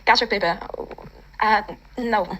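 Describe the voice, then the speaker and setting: A woman's voice, bright and sharp, comes from off to the side of the mic. She teases and scolds in a bossy tone, with a faint noise behind her. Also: mid-range voice, a little slow, lo-fi sound. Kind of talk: casual chat.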